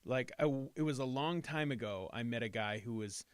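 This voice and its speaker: A man hosting a casual podcast, swearing heavily and rambling with restarts in a slightly low, smooth voice. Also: brisk, dry recording. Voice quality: slightly lower, smoother voice than usual. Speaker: podcast host.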